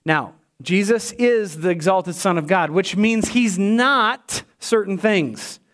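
A man preaching a sermon as a pastor, animated and shifting between loud emphatic lines and hushed, quiet ones. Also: high-pitched, takes it slowly.

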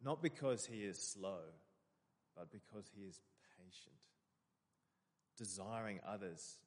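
Low-voiced man preaching in a hall. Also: lively intonation, a little slow. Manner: earnest, explanatory preaching with scripture readings. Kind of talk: sermon.

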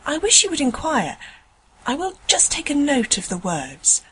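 A woman doing a courteous gentleman. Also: high-pitched, huge pitch swings, a little hiss or hum, pitched above the performer's own voice, full character voice, poor audio. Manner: courteous and measured. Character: polite, well-spoken gentleman passenger.

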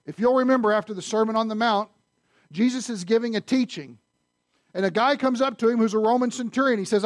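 High-voiced man preaching with dramatic swings. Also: quick pace, dry recording, clean studio sound. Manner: conversational preaching with rhetorical questions; swings from loud emphasis to near-whispered asides. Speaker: pastor. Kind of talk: sermon.

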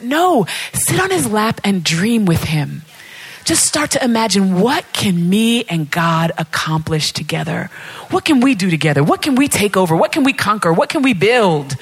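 A woman with a husky, slightly breathy voice delivers a sermon. She preaches in an animated, playful way and acts out back-and-forth conversations with God. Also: mid-range voice, moderate pace.

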